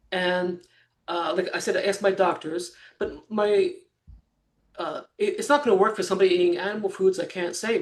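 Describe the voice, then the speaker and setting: Halting man in his sixties. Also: high voice. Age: 60s. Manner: halting, with fillers and laughs between phrases. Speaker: interview guest. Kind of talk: storytelling in an interview.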